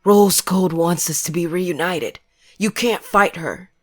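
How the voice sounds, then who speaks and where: A woman's voice: fairly low pitch, slow, no room sound, clean studio sound. A woman voicing a desperate, ghostly father figure with a falsely pleasant, menacing manner. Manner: falsely pleasant, then accusing.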